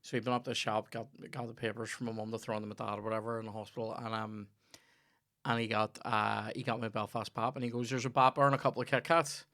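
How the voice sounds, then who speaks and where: A man's voice: lowish voice, level tone, quick pace, a bit bright. A man with a Northern Irish accent hosting a casual comedy podcast, telling rambling, sweary anecdotes. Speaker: podcast host.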